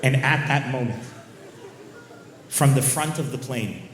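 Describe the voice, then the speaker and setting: A male stand-up comedian telling a story on stage, animated and acting out characters. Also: mid-range voice, a little slow. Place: comedy show venue. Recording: echoey venue with faint ambience.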